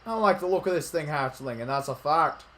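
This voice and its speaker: A man voicing a folksy male alien tree keeper from a game, in a raised, loud homespun drawl. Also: a little high, lively intonation, quick pace, pitched above the performer's own voice.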